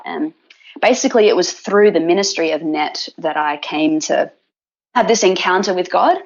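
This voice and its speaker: A young Australian woman speaking as a guest on a podcast, chatty and quick to laugh. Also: lowish voice, dull audio. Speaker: podcast guest, ministry worker. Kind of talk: casual chat.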